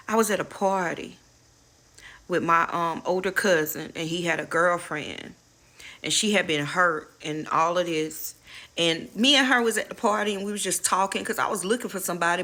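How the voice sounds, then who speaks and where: Her voice on the low side, bright and forceful, a middle-aged woman hosting a spiritual advice channel offers her viewers life lessons in a casual inspirational talk. She's frank and sermonizing, cursing without restraint and calling everyone y'all.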